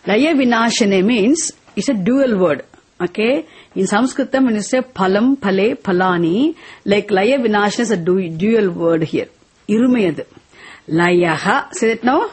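A woman teaches a spiritual text class at an unhurried pace. Her voice is husky, and she repeats each word several times. She asks her students to say the words back to her. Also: medium pitch, expressive.

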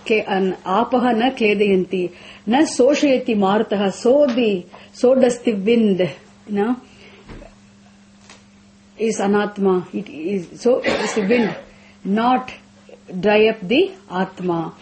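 A woman's voice: medium pitch, slow pace, long pauses, darkish tone, slight background noise. A woman teaching a scripture class, repeating phrases, asking rhetorical questions and chanting verses.

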